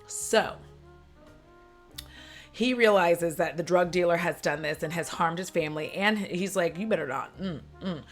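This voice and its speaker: A woman recapping a film in a casual chat, animated and chatty, acting out lines and laughing as she goes. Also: fairly low pitch, a little slow, soft background music. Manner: acts out characters' lines and sound effects.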